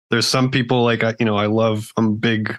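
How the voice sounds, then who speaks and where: Laid-back low-voiced man, dry close sound. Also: a bit bright, no echo. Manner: easygoing, loose, filler-heavy. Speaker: podcast guest. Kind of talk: casual conversation.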